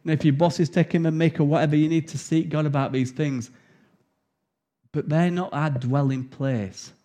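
A man's voice: a little high, moderate pace. A man with an English accent preaching a sermon, telling stories with laughter and reading scripture earnestly. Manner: anecdotal storytelling, animated and laughing.

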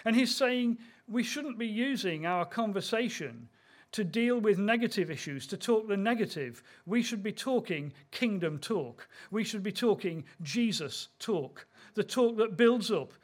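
Man, high-pitched, middle-aged, preaching, chatty storytelling, scripture reading. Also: expressive, unhurried. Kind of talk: sermon.

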